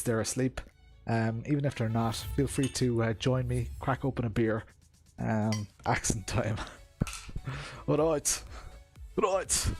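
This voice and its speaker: A talkative Irish man in his thirties hosts a live stream, reeling off viewers' names between easy laughs. His voice sits at an ordinary middle pitch. Soft music plays underneath. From Ireland. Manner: chatty, greets viewers by name, laughs often. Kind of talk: casual live-stream chat. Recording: music playing behind.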